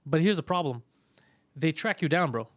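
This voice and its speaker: A man hosting a comedy podcast, telling stories in a fast, profane, animated way. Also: a little high, no room sound. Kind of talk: casual storytelling chat.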